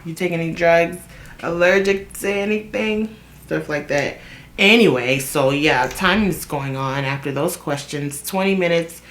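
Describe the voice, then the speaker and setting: A young woman telling a story in a chatty, animated way while getting ready, with asides to her viewers. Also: fairly low pitch, measured pace. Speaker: vlogger. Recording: roomy echo.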